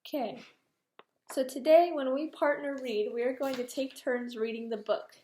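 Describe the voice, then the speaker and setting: A young woman teaching a reading lesson, explaining steps to students in a clear, patient way. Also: sits high, steady tone, normal speed, dark tone, echoey room. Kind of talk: classroom lesson, micro-teach practice.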